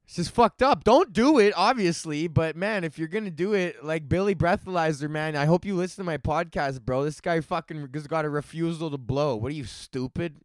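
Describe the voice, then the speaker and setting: This podcast host's voice sits on the high side and moves at normal speed, recorded dry. Alone on his comedy show, he rants loosely and profanely, often cracking himself up.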